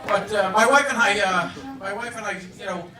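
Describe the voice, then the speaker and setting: A man in his fifties doing a stand-up comedy set on a club stage, with a halting, deadpan delivery full of fillers. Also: high voice, some chatter behind. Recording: roomy club sound, audience recording from a distance.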